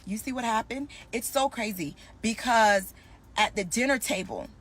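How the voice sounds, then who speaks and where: A young adult woman telling a storytime about her dating life, animated and acting out both sides of the conversation. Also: fairly high pitch, normal speed. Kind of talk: storytime vlog.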